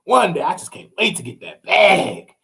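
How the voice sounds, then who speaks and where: A man hosting a casual live stream, excitable and chatty, breaking into shrieks and repeated exclamations as he talks to viewers. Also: high voice, moderate pace, gravelly. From Texas. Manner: chatty, addresses viewers directly.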